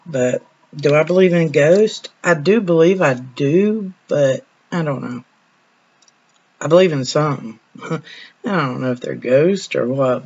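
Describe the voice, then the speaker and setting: A woman's voice: low voice, darkish tone, dull audio. A woman, a nurse chatting casually in a vlog, telling stories in a folksy way that trails off now and then.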